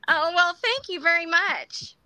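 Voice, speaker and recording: A woman's voice: very high voice, animated, unhurried, sharp tone, no echo. A woman calling in to a live online show over a video call, chatting in an eager, friendly way. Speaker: guest caller. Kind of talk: casual chat.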